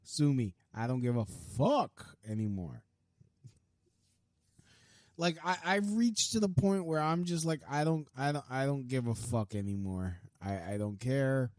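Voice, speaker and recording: Man ranting, rambling, cursing, lots of ums, mid pitch, dry close sound. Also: darkish tone, no echo. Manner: rambling, profane, many fillers. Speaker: vlogger. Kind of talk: casual rant.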